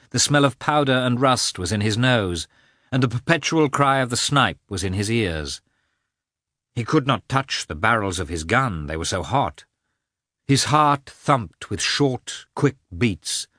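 A man reading a novel aloud as an audiobook narrator, with expressive, shifting inflection. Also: no echo, studio quality. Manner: reads with lively, expressive inflection, lifting pitch for characters' shouts. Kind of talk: scripted narration.

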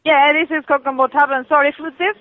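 A woman with a Japanese accent answering a tavern phone. She speaks in halting English, often asks callers to repeat themselves, and turns curt. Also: high-pitched, steady tone. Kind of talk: phone call. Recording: tinny phone line.

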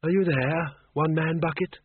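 A man voicing a tired, polite old male zombie wizard who speaks slowly and apologetically in a storybook reading, on a thin, tinny recording. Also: a little high, expressive, husky, no room sound, voice pushed up. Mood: gentle. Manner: slow, drawn-out, apologetic.

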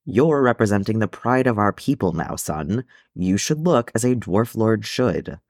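A man voicing a gruff old dwarf father who fusses fiercely over his son. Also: lowish voice, sing-song, measured pace, darkish tone, no echo, clean studio sound, heavily acted. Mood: fussing.

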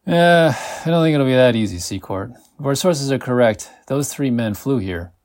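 A man's voice: mid-range voice, expressive, moderate pace, darkish tone, close to an everyday voice. A man voicing a blunt, weary middle-aged FBI agent who talks in a matter-of-fact way. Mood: gruff.

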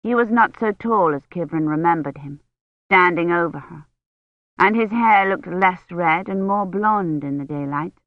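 A woman narrating an audiobook in a measured, steady reading voice. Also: lowish voice, no room sound. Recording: dull, dry studio read.

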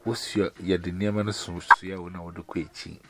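A very low, gravelly man rambles casually in broken pidgin English, laughing as he talks. The call recording is swamped by loud noise throughout. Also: flat delivery, moderate pace. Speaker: caller. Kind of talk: casual chat.

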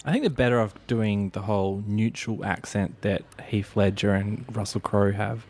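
A man hosting a casual chat, relaxed and rambling as he thinks aloud. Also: lowish voice, normal speed.

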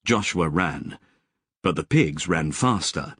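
A man narrating an audiobook in scripted, expressive storytelling with vivid description. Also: low voice, unhurried, slightly rough, no room sound, studio quality.

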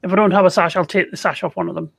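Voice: mid-range voice, steady tone, rapid-fire, creaky, fairly bright tone, husky, dry recording. Cheeky, decisive tabletop player. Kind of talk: tabletop game play.

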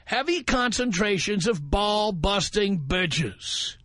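A man's voice: high-pitched, animated, slow, pushed and bright, no echo. A man hosting a talk radio show, speaking into a studio microphone with a provocative, emphatic delivery that keeps hammering the same phrase. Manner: provocative, emphatic, repeats his catchphrase.

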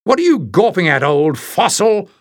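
A man's voice: high voice, very animated, normal speed, gravelly, dry recording, clean studio sound, voice pushed up, exaggerated voice. A man voicing a huge, scornful warrior woman who roars her orders in a storybook reading. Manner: roaring, contemptuous.

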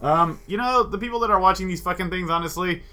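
A man co-hosting a casual comedy podcast, rambling and profane with deadpan jokes. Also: sits high, fast. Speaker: podcast co-host. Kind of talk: casual crude comedy chat. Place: California.

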